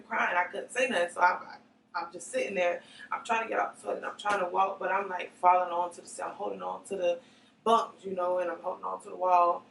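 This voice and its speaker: A young woman speaking in a mid-pitched voice with a gravelly edge, giving earnest, halting testimony in an interview. She sits some way from the mic, so her voice rings through a roomy space. A faint hiss runs underneath. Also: fairly bright tone. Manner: earnest, halting recounting with restarts. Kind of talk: personal testimony. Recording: echoey room, distant mic, faint noise.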